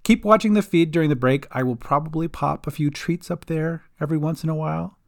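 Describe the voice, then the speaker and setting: A man's voice: fairly high pitch, fairly quick, creaky, darkish tone. Friendly man narrating a storybook podcast. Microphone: homemade setup.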